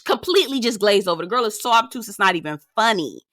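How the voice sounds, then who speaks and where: A woman's voice: medium pitch, animated, quick pace, a bit bright, no echo, studio quality. A woman giving a blunt, sassy, profanity-laced recap of a reality TV episode. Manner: sassy, blunt, swears freely, acts out quotes. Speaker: reality TV reviewer. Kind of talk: casual recap commentary.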